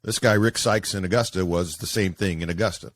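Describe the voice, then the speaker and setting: Low-voiced man telling stories. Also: fairly quick, no echo, studio quality. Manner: animated, acts out quoted voices, many fillers. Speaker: guest, sportscaster. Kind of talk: casual storytelling interview.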